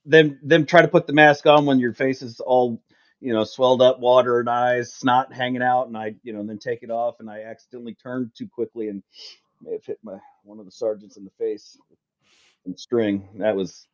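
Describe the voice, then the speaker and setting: A man's voice: medium pitch, steady tone, normal speed. Joking man on a dull lo-fi line. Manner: joking, self-deprecating. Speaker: guest. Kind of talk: casual chat.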